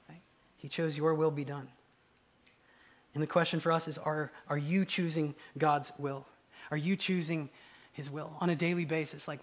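A pastor delivers a conversational sermon, sinking into quiet, low asides and then rising into loud, excited acted-out quotes.

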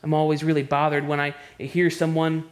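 A man with a high voice preaches a sermon. He drops to a hushed, quiet delivery, then climbs into loud, impassioned stretches. He often stumbles and restarts his words as he presses his points. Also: monotone, a little fast. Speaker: pastor.

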